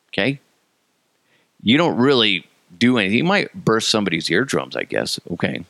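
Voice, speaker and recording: A man's voice: on the low side, sing-song, moderate pace, creaky, sharp tone, no room sound. A man in his thirties from Colorado, hosting a comedic solo rant and mocking things in a sarcastic way. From Colorado, USA. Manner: sarcastic, mocking, jumps into silly voices. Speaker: podcast host.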